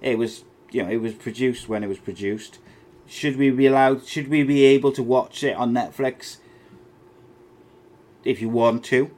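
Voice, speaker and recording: Reading viewer comments from the live chat, this podcast co-host tosses out blunt, mocking takes and swears freely in casual banter. He speaks at a normal speed in a mid-range, slightly mellow voice with fairly even intonation.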